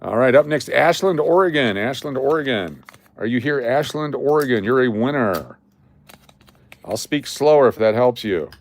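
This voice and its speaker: His mid-range voice has lively intonation and moves at a normal speed. He's a man hosting a casual coin-giveaway live stream, chatting repetitively and naming viewers as he distributes prizes.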